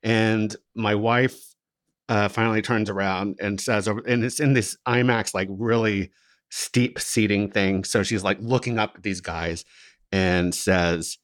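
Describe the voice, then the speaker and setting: A man telling a story as a podcast co-host in casual chat, laughing often and animated. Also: fairly low pitch, a little slow, dry recording, studio quality.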